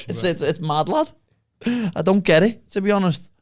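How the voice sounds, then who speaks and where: A man's voice: high voice, expressive, unhurried. A man hosting a casual podcast chat, blunt and sweary, calling everyone "lad" and laughing at his own stories. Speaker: podcast host.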